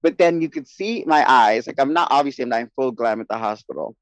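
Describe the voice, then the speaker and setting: A man co-hosting a casual talk show, expressive and quick to laugh while telling personal stories. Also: medium pitch, no echo, low-quality recording. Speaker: podcast co-host. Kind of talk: casual chat.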